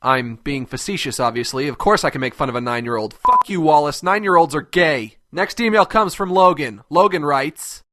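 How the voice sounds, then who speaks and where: Guy doing a rude cartoon host, swears nonstop, bright sharp voice, kinda high, dry sound. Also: expressive, normal speed, few pauses, no room sound. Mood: contemptuous. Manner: foul-mouthed, contemptuous, ranting. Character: crude, abrasive adult male cartoon host who insults everyone. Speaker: host answering fan mail. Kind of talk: animated web comedy sketch.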